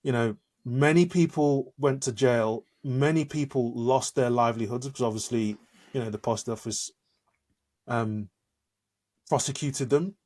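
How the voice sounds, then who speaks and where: A man's voice: mid-range voice, measured pace, a little mellow. Man explaining on a podcast. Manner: explanatory, storytelling. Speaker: podcast co-host. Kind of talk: casual chat.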